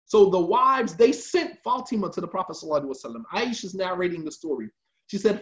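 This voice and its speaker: A man's voice: high voice, animated, quick pace, muffled recording. A man telling a religious story in a casual, slangy lecture style, repeating lines for emphasis.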